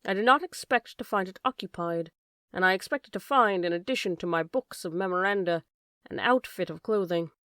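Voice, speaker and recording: A woman's voice: on the low side, brisk, fairly bright tone, no room sound, clean studio sound, close to an everyday voice. A woman reading an audiobook, voicing the clipped, commanding demands of an invisible man. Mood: demanding.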